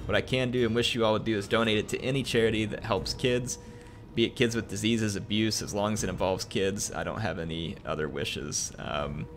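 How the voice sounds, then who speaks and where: Emotional male streamer, halting and earnest. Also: on the low side, slight background noise. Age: young adult. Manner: emotional, halting, many ums and uhs; earnest and grateful. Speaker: gaming streamer. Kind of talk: reading a viewer's message on a live stream.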